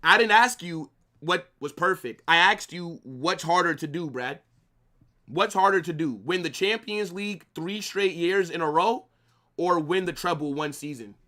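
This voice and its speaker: A cocky man hosts a live football watch-along and spars with his viewers through the whole stream, swearing often and calling everyone bro. His voice sits a little high and comes across bright and forceful on a streaming mic. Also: measured pace. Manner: brash, trash-talking, swears a lot, calls chat "bro" and "brother". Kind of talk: live match watch-along, arguing with chat.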